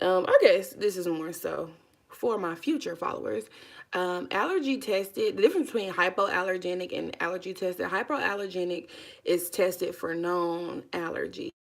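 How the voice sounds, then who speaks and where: A woman's voice: on the low side, normal speed, vocal fry. A woman, chatting casually through a makeup tutorial and calling her viewers y'all and honey. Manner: chatty, folksy, says y'all and honey a lot. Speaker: beauty vlogger.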